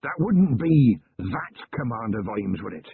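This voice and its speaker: A man voicing a rough male ship captain who talks in a resigned, apologetic way. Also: medium pitch, very animated, brisk, dry recording, exaggerated voice. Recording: tinny lo-fi recording.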